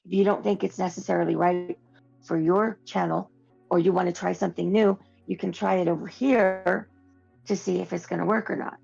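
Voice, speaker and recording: A woman's voice: fairly low pitch, steady tone, a little fast, creaky, a little mellow, slightly rough. A woman co-hosting a horror podcast in casual chat, rambling with restarts and fillers. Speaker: podcast co-host. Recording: dull lo-fi audio with faint music.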